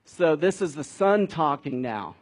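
A man's voice: fairly high pitch, lively intonation, measured pace, slightly rough. A man preaching a sermon in a conversational way, building to emphatic peaks. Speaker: pastor.

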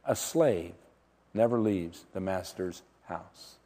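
A man preaching a sermon, emphatic and dramatic, swinging from loud declarations to hushed, slow words. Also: sits low. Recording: long hall reverb.

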